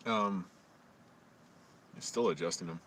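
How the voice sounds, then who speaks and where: A man's voice: low voice, measured pace, fairly bright tone, recorded from a distance. A man with a scratchy voice live-streaming a rambling, amused running commentary outdoors in a park. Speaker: vlogger. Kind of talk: casual live-stream chat.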